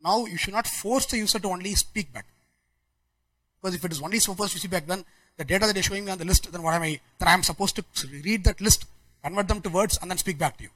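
Fast-talking man presenting. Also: high-pitched, fairly bright tone, poor audio. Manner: rapid, many restarts and fillers. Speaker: conference speaker. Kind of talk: technical conference talk.

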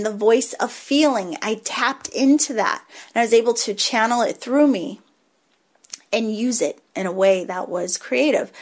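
Woman, podcast host, casual spiritual talk, rambling and reflective, mid-range voice. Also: medium pitch. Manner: rambling, reflective, with small laughs and restarts. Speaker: podcast host, reiki teacher.

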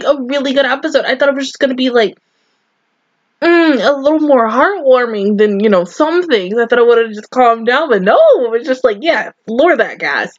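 A woman's voice: fairly high pitch, dry recording, dull audio. A woman reacting to an anime episode, emotional and swearing in disbelief as she talks it through.

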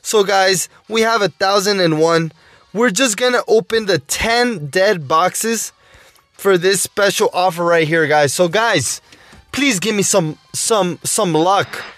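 Man, high voice, dry close sound, gaming commentary, begging for luck, keeps addressing viewers. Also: slow pace, fairly bright tone, no room sound. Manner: pleading, keeps saying "guys" and "oh my dude". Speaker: mobile gaming YouTuber. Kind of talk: gameplay commentary while opening loot boxes.

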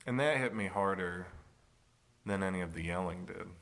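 A man's voice: low voice, normal speed, a bit bright. A middle-aged male pastor preaching a sermon, telling a reflective personal story with self-deprecating humor.

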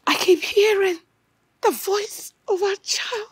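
An actress playing a grieving mother of a missing daughter, speaking slowly in a breathy, tearful whisper. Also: very high-pitched, low-quality recording. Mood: despairing. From Nigeria. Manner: tearful, slow, despairing. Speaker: actress in a film. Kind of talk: film drama acting.

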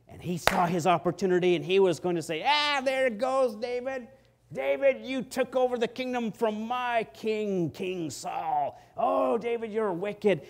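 A pastor preaching an emphatic sermon, swinging between quiet and loud lines and acting out quotes from the story. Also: male voice, a little high.

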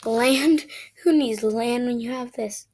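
A woman giving casual gameplay commentary, frustrated and excitable, shouting at the game character and dropping into whispered asides. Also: fairly high pitch, takes it slowly, slight background noise. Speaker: gaming video creator.

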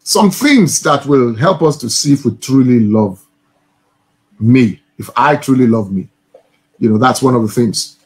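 A man's voice: medium pitch, lively intonation, measured pace, darkish tone. A male church minister teaching from the Bible, stressing points by repeating phrases and now and then addressing someone as sir.

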